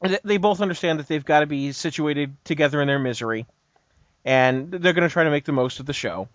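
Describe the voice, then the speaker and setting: Man, podcast co-host, rambling casual recap, slightly high voice, dull lo-fi sound. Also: fast talker, no echo. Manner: rambling retelling with frequent "you know" and "uh". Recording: dull, dry lo-fi audio.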